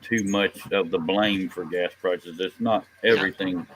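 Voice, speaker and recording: A man's voice: sits low, fairly even intonation, measured pace, fairly bright tone, poor audio. A man hosting a live stream, chatting casually in a tired, offhand way. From Texas. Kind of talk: casual chat. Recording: faint background noise.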